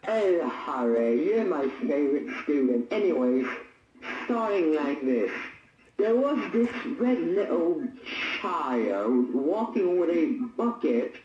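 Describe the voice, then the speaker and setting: A crude, foul-mouthed male English teacher, put on by a performer in a comedy skit drawls along slowly with a lively, swooping pitch. The recording is distant and roomy, and it sounds muffled over a noisy background. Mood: smug, crude.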